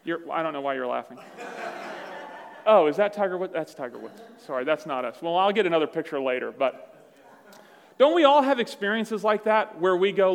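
A man with a slightly high voice preaches in a conversational, self-deprecating storytelling manner. His words ring out with a long reverb through a large church hall. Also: lively intonation, fairly quick. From Virginia, USA. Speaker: pastor. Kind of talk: sermon. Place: church sanctuary.

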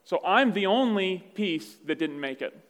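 A man preaching a sermon, telling a personal story in a relaxed, self-deprecating way. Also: sits high, normal speed, long reverb tail. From Virginia, USA. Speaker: pastor. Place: church sanctuary.

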